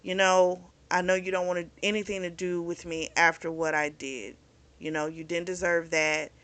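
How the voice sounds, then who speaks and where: Woman, book review host, candid chatty recap, bright voice. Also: fairly low pitch. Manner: candid and chatty, recounting the plot with frank opinions.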